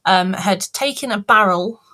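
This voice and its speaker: A woman telling a true-crime story on a podcast in a chatty, animated way, acting out people as she goes. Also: mid-range voice, moderate pace.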